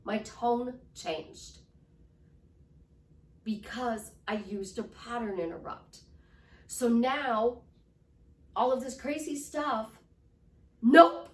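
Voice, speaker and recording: A woman's voice: fairly high pitch, slow, pauses often, distant mic. A woman life coach teaching with enthusiasm, swinging her voice up and down to show how tone changes. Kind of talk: motivational teaching. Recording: roomy echo, voice from off-mic.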